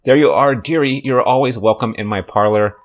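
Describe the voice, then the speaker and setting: A man's voice: medium pitch, fairly quick, lightly acted. A man putting on a cooing spider lady. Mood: sugary. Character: sweet-talking female spider baker.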